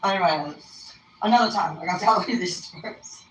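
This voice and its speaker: With a distant mic, roomy echo and faint background noise, this recording captures a young woman casually telling rambling, profane stories from her own life. She speaks at normal speed in a voice on the low side, relaxed throughout.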